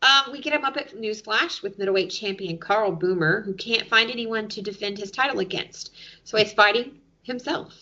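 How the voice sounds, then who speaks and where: A woman's voice: mid-range voice, moderate pace, bright, forceful tone, dull audio. A woman co-hosting a podcast, casually recapping TV episodes and explaining each sketch step by step. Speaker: podcast co-host.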